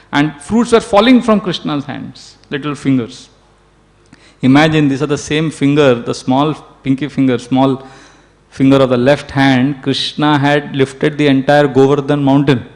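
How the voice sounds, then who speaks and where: A man, a preacher telling a devotional story in an animated way. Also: fairly high pitch, moderate pace.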